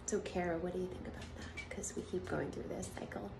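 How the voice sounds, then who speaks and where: A mother filming her toddler's bedtime at home, speaking softly and soothingly and sometimes whispering. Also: on the low side, fairly even intonation, creaky, noisy background. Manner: soft and soothing, slow, whispers at times. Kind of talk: home video diary. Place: home, near a child's bedroom.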